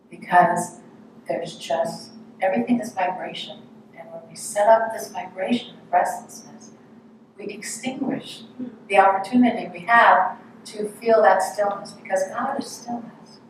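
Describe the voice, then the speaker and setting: A woman giving a gentle, storytelling sermon in a large room, heard from a distant mic. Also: mid-range voice, unhurried, very echoey, a little hiss or hum. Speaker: speaker at a spiritual service.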